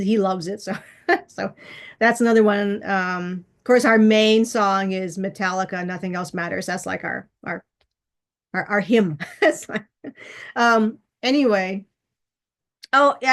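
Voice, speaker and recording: Woman, middle-aged, vlog host, casual rambling chat, frequent restarts. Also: medium pitch. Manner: rambling, chatty, laughs often, many restarts. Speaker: channel host.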